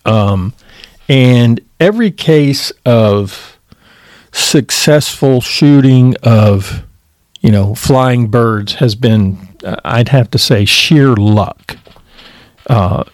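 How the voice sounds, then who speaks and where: A man's voice: mid-range voice, drawn-out words, darkish tone, no echo. A man casually telling stories from his youth, swearing freely and laughing as he goes. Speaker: podcast storyteller. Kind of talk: casual storytelling.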